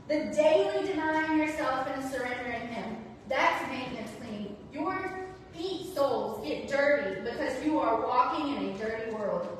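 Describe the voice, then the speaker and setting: Preaching in a church sanctuary, a high-pitched woman talks a little slowly in a chatty, conversational manner, performing the lines of those she quotes. Her voice sounds far away in an echoey hall, and there's a little hiss or hum.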